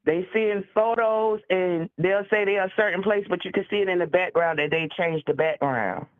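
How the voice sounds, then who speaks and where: A woman's voice: lowish voice, moderate pace. A woman calling in to a show, telling gossipy stories in a chatty way. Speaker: caller. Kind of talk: phone call-in chat. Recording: tinny phone line.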